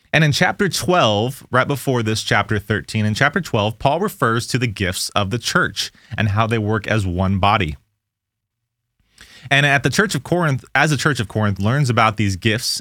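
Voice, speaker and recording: A man's voice: medium pitch, fairly bright tone, no echo, clean studio sound. A man hosting a Bible study podcast, explaining Scripture in an earnest, casual way and reading verses aloud. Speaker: podcast host teaching Scripture.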